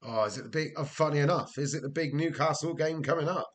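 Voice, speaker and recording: A fast-talking young Welsh man with a fairly high-pitched voice plays a football management game on stream. His casual chatter is full of stories and frequent laughter, and he answers messages from chat.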